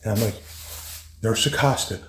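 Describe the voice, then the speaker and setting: A man's voice: fairly low pitch, normal speed, slight background noise. A man telling a rambling personal story, profane and repetitive, with many restarts. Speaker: son recounting his mother's death.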